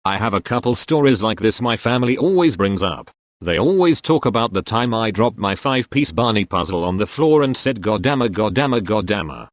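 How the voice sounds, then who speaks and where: A man reading short anecdotes aloud in a steady, matter-of-fact way. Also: medium pitch, a little fast, no echo. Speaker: narrator reading online posts.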